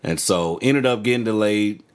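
A man's voice: fairly low pitch, moderate pace, smooth. A man from Kansas with a Midwestern American accent, telling a story in casual chat and laughing often. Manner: animated, laughs often, acts out quotes.

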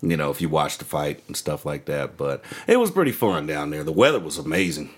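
A man's voice: a bass voice, a little fast, husky. A man from Kansas with a Midwestern American accent, telling a story in casual chat and laughing often. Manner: animated, laughs often, acts out quotes.

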